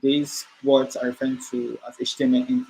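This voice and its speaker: A man's voice: medium pitch, level tone, brisk, creaky, darkish tone, a little hiss or hum, rough recording. Hesitant man teaching web coding. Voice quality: hesitant, many fillers and restarts while explaining. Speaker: coding instructor. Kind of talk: screen-share coding tutorial.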